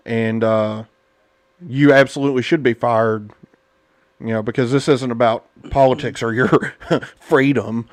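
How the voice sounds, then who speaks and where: Speaking at a measured pace with fairly even intonation, a medium-pitched American man, an adult parent, hosts a casual political podcast. He's blunt and indignant and uses lots of fillers. The recording is dry.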